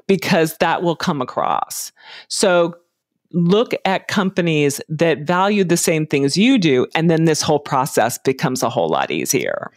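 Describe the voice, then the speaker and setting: Woman giving hiring tips, steady and thoughtful, lots of ums, dry close mic. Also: sits low, no room sound. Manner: measured, advising, with frequent um and uh. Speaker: career and hiring advice guest. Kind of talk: conversational interview answers.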